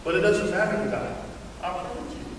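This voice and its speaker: A middle-aged pastor preaching a sermon, telling stories with humorous asides to the congregation. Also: male voice, high voice, animated, fast, noisy background. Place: church sanctuary. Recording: echoey church hall from far off.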